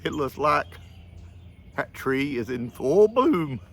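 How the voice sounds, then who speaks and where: A man voicing a gentle, kindly old country preacher inside a told story, speaking tenderly and earnestly. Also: mid-range voice, big pitch swings, slow, vocal fry, a little hiss or hum, voice pushed up, full character voice.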